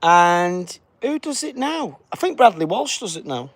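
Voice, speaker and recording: A man's voice: high-pitched, sing-song, measured pace, dry recording. Chatty man on a livestream. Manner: chatty, reads viewer comments aloud, says big up yourself; puts on a flight announcement voice. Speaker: livestream host. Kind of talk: casual livestream chat reading comments.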